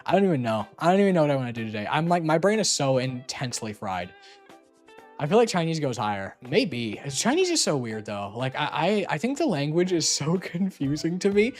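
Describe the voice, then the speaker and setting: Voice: medium pitch, big pitch swings, a little fast, darkish tone, soft background music. A young adult streamer chatting casually, teasing, laughing often and swearing freely.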